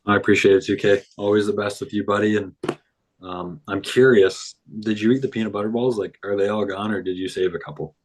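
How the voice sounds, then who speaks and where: Low-voiced young man, easygoing. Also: a little fast, a little hiss or hum, poor audio. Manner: easygoing, relaxed rambling. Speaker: hockey player guest. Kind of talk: casual interview chat.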